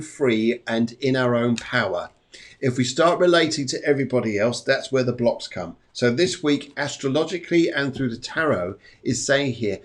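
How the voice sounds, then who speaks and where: A middle-aged man hosting a live stream as a psychic medium, giving tarot readings in a chatty, rambling way that repeats phrases. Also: medium pitch. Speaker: psychic medium and show host. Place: home during a storm.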